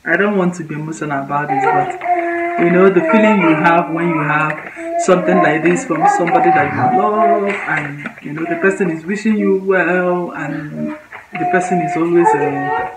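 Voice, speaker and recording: A woman's voice: fairly low pitch, measured pace. A Nigerian woman with a Nigerian English accent, chatting heartfelt and directly to her viewers in a casual vlog from her home kitchen. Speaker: vlogger. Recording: echoey room with loud background noise.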